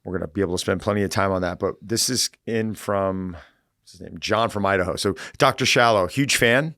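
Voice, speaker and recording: An upbeat man in his forties hosts a casual podcast, speaking chattily with fillers and quick restarts. His voice sits a little low, and the close studio mic sounds dry with no room around it. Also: a bit bright, no echo. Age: 40s. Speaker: podcast host. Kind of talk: casual podcast intro and conversation.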